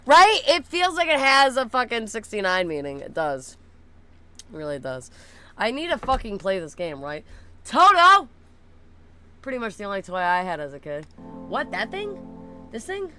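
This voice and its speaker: A young woman chatting casually with viewers, blunt and swearing, laughing often, cooing softly at her dogs. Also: medium pitch, big pitch swings, fairly quick, clear, resonant tone, soft background music. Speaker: streamer.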